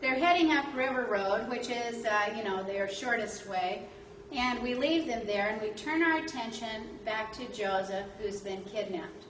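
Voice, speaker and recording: A woman telling a history story in a lively way, acting out the quotes and using lots of fillers. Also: a little high, a little slow. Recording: echoey room, distant mic, faint noise.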